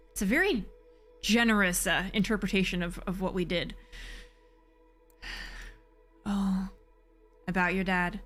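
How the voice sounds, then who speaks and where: A woman's voice: medium pitch, unhurried, pauses often, a bit bright, faint music behind. A woman streaming a video game, talking casually and animatedly, swearing freely. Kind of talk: casual let's-play commentary.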